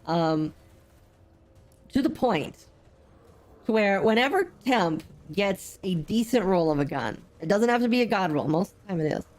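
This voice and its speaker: A woman streamer chatting casually over her gameplay, rambling with frequent ums, and sounding unwell and low on energy. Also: animated, normal speed, a little mellow.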